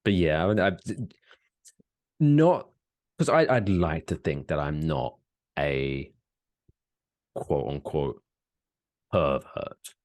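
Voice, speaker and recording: Deep-voiced, animated joking man. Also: slow pace, pauses often. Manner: playful, jokey, slips into silly voices. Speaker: podcast co-host. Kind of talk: casual comedic chat.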